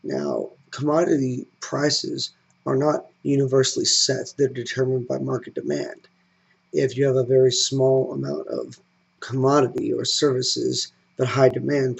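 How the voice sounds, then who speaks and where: Hoarse man with a cold, gravelly. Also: mid-range voice, a little mellow, muffled recording. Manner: measured, explanatory, with fillers and restarts. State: getting over a cold. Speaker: commentary host. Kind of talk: solo economic commentary.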